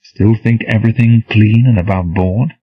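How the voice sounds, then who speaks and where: A man's voice: lowish voice, fairly even intonation, normal speed, husky, dry recording, pitched above the performer's own voice. A man voicing a sarcastic, distrustful young male officer with a scornful, suspicious manner, in a storybook reading. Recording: dull, dry, lo-fi.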